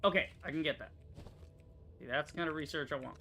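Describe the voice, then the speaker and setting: A young gaming streamer offers casual let's-play commentary in a slightly high, bright, forceful voice, with a bit of hiss or hum in the audio. He's profane and quick to frustration, muttering to himself and cursing when the game annoys him.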